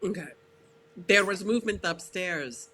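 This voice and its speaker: A tabletop game player chatting casually and animatedly. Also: female voice, medium pitch, measured pace, fairly bright tone, a little hiss or hum.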